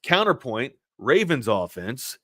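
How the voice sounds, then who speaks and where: A man with a slight Baltimore accent co-hosting a sports talk show, talking in a rambling, animated way as he breaks down games. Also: medium pitch, takes it slowly, no room sound, studio quality. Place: studio.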